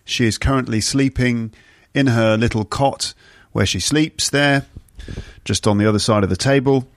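A man hosting a podcast for learners, talking in a chatty, playful, rambling way from the kitchen area of his flat. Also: mid-range voice, moderate pace. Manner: chatty, playful, self-commenting. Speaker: podcast host and English teacher. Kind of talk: casual rambling monologue. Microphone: podcast microphone.

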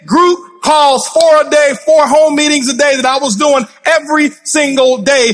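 A man giving a fired-up motivational speech from a stage, intense and passionate, yelling at the crowd. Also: extremely high pitch, normal speed, hardly any pauses. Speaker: motivational speaker. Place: stage before a live audience.

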